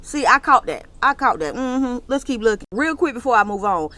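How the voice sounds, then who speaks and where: A woman hosting her own show, giving an animated, gossipy recap of a reality series full of slangy asides and exclamations. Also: a little high, a little fast. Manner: animated and sassy, with slangy asides like honey and child; laughs and exclaims often while retelling scenes. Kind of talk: casual gossipy recap commentary.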